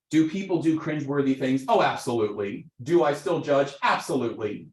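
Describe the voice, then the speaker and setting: A man teaching a live real estate seminar to an audience, animated, often checking in with "right?" and acting out sample conversations. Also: mid-range voice, a little fast, hardly any pauses. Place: training room with audience. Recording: roomy echo.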